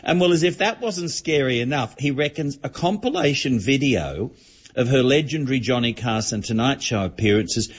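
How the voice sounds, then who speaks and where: Aussie guy on radio spilling celeb gossip, raspy-ish voice, kinda muffled audio. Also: medium pitch, animated, normal speed. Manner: gossipy, chatty storyteller. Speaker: entertainment reporter. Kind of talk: casual radio chat. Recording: dull lo-fi broadcast audio.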